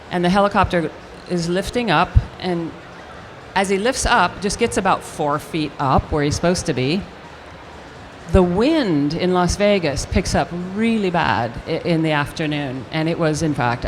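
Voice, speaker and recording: An older actress telling an animated story in a live stage interview, acting out the voices of the people she quotes. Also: lowish voice, moderate pace, slight background noise. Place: convention stage with audience hall ambience.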